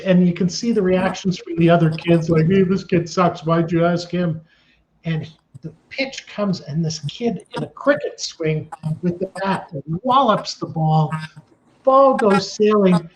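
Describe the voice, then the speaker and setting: A casting director in his sixties, telling animated stories in an interview and acting out the scenes he describes. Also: high voice, slight background noise. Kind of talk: storytelling in an interview. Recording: dull lo-fi sound.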